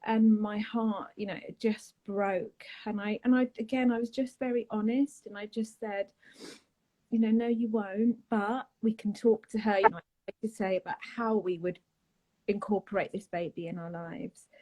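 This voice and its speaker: A woman, a guest telling a painful personal story in a soft, halting way, often trailing off and starting again. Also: mid-range voice, steady tone, rough recording. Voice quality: husky, breathy. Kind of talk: emotional personal account on a live chat.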